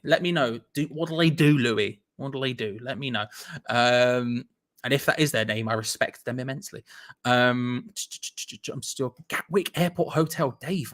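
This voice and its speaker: Young guy on a live stream, bright forward voice, rattling off shout-outs to viewers. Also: medium pitch. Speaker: host of a live watch-along stream. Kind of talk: casual live-stream chat reading viewer comments.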